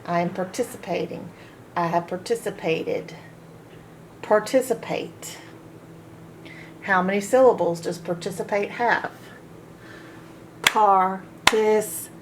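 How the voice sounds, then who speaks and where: A woman teaching a phonics lesson to children, sounding out each word slowly, syllable by syllable. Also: on the low side, noisy background. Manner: slow, sounding out syllables one by one. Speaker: reading teacher.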